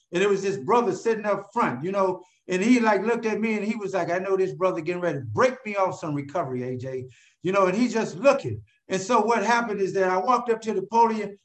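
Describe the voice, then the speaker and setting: A man telling his own recovery story to an audience in an animated way. He keeps asking rhetorical questions and calls out to listeners by name. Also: high voice. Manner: addresses listeners directly by name. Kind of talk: storytelling talk to a live audience.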